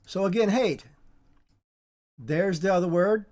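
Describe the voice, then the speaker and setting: A Bible teacher giving an informal spoken lesson, halting and repetitive, often restarting words and repeating points for emphasis. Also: mid-range voice, darkish tone.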